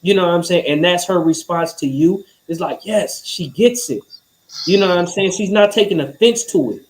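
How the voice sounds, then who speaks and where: A man's voice: high voice, moderate pace, a little hiss or hum, rough recording. A man co-hosting a relationship podcast, talking in a loose, rambling way and often saying "you know what I'm saying.". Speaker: podcast co-host. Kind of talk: casual chat.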